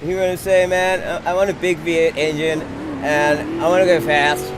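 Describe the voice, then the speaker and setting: A man's voice: on the high side, steady tone, unhurried, background noise, lightly acted. A man putting on a brash American car enthusiast voice, drawling in an exaggerated put-on accent. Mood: swaggering.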